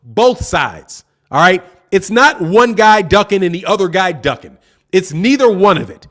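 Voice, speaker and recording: High-pitched heated man ranting. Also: fairly bright tone. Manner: argumentative, profane, repeats points for emphasis. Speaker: boxing channel host. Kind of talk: heated opinion rant.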